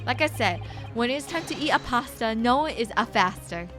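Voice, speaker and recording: A woman voicing an excitable, boastful older Italian man with a put-on Italian accent and broken grammar. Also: fairly high pitch, normal speed, music in the background, close to an everyday voice. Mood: indignant. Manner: animated, loud, broken grammar.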